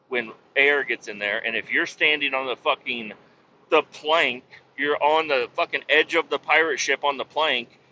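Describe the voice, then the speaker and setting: Pitched on the high side with a sharp tone, a vac truck operator who hosts a laid-back podcast rambles through a story, cursing and exasperated. The audio has a muffled lo-fi quality and a faint layer of noise.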